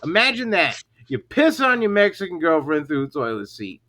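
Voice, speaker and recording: A man co-hosting a crude comedy podcast, telling stories with animated delivery and dropping low for quoted voices. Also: moderate pace. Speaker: podcast co-host.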